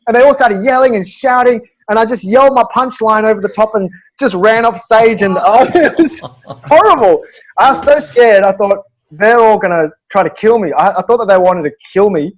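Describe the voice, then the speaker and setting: An Australian man, a guest comedian, telling animated anecdotes in a podcast interview and chuckling through his own stories. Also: sits high, moderate pace, low-quality recording.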